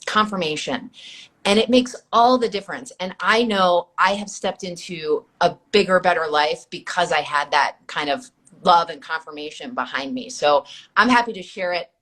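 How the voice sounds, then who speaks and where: A woman's voice: fairly low pitch, expressive, moderate pace. Heartfelt woman guest in casual chat. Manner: warm, heartfelt, rambling. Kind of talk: casual conversation.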